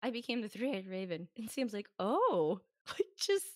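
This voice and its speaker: A woman's voice: mid-range voice, moderate pace, dry recording. Chatty woman co-host with a mid-range voice who acts out quotes, dry podcast mic. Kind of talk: casual chat. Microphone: podcast microphone.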